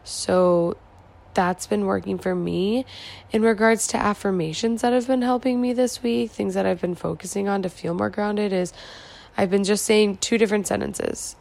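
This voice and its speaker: A woman's voice: mid-range voice, steady tone, moderate pace, gravelly, darkish tone. A tired young woman vlogger chatting casually late at night, musing and rambling with lots of "like". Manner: rambling, musing, heavy filler "like". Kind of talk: casual chat.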